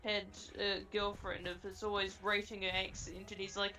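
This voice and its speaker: A woman on a casual gaming stream teases the others and tells playful stories. Her voice sits at an ordinary middle pitch for a woman. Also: level tone, normal speed, hardly any pauses, music in the background, low-quality recording. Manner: teasing, joking storyteller.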